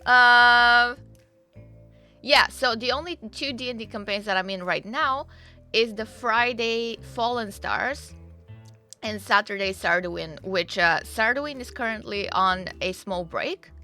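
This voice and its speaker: A woman's voice: a little high, sharp tone. A young woman streaming live, chatting casually and rambling to her viewers with fillers and the odd swear. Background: faint game music.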